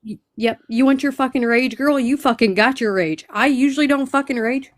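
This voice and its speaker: A woman's voice: high-pitched, moderate pace, no echo. A woman co-hosting a livestream who speaks bluntly and indignantly, with heavy profanity. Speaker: livestream co-host. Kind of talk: angry livestream chat.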